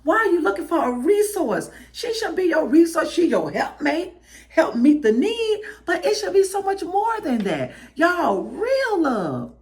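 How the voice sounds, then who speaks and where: A woman's voice: very high-pitched, unhurried. A woman with a Southern US accent hosting a podcast, chatting casually and laughing as she talks to listeners. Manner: animated, laughing, preacherly. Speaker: podcast host.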